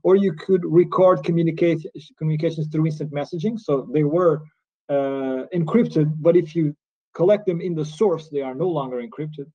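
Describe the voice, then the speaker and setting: A man's voice: a little high, moderate pace, mellow. A man from Portugal with a Portuguese accent, giving an earnest, explanatory conference lecture as a lecturer. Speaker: lecturer on cybercrime law. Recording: dull lo-fi recording.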